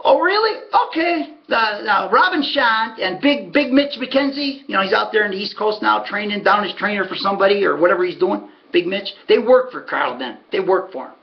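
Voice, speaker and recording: A man's voice: high-pitched, fairly quick, few pauses. A man casually telling a long story as a podcast host, acting out what others said. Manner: animated, acts out quoted voices. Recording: dull lo-fi audio.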